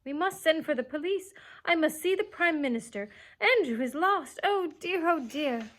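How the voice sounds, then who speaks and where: A woman voicing a fussy older lady with a high, windy voice, wailing frantically. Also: animated, moderate pace, a bit bright. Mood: frantic. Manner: shrill and wailing.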